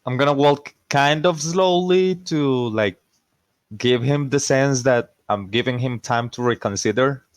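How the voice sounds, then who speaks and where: A man's voice: medium pitch, no room sound. A man playing a tabletop game, talking hesitantly with lots of fillers. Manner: hesitant, filler-heavy, slow-spoken. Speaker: player. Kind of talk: casual in-character tabletop play.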